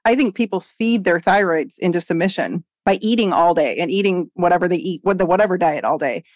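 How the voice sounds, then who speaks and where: A woman in her forties, a doctor guest on a podcast interview, talking in an animated, emphatic way. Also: on the low side, fairly quick, dry recording. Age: 40s.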